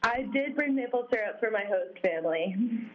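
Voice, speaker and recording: A woman's voice: fairly high pitch, lively intonation, normal speed, dull audio. A young woman from Vermont, a guest in a casual interview, speaking cheerfully with frequent ums. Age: young adult.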